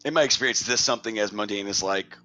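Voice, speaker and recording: A man's voice: lowish voice, rapid-fire, sharp tone, faint music behind. A man playing in a tabletop game, speaking hesitantly with many "um" fillers over dull voice-chat audio. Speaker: player. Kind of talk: tabletop role-play chat.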